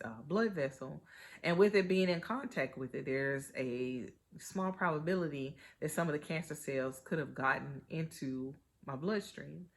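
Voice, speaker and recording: A woman hosting a podcast, telling a personal story in a chatty, conversational way, with wry humor and lots of "you know". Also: deep voice. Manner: animated retelling with wry humor. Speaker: podcast host.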